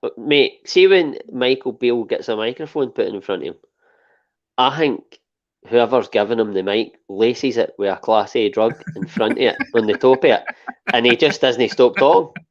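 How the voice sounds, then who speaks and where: A man with a Scottish accent co-hosting a casual football podcast, speaking in a measured way with the odd sigh. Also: mid-range voice, lively intonation, lo-fi sound. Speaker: podcast co-host.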